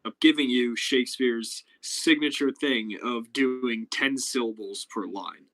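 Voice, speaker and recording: A man's voice: medium pitch, a little slow, fairly bright tone, rough recording. A young man hosting a casual live stream chat, explaining things with lots of fillers and restarts. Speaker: podcast host.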